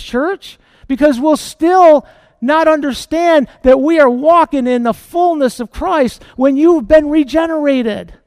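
A man's voice: extremely high pitch, no room sound, studio quality. A man preaching a sermon as pastor, passionate and repetitive, calling out to the congregation.

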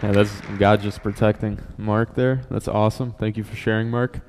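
A man's voice: lowish voice, little pitch movement, moderate pace, a little mellow, a faint crowd, slight background noise. A man leading a church service, making announcements and calling people up to share, encouraging and using frequent fillers.

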